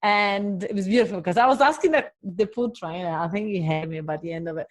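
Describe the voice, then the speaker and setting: A woman speaks as a business coach in a relaxed live session, chatty and loose, often breaking into a laugh. Her pitch sits in a middle range, neither high nor low, and she leans on fillers as she tells her story. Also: fairly quick. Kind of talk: casual live talk to viewers.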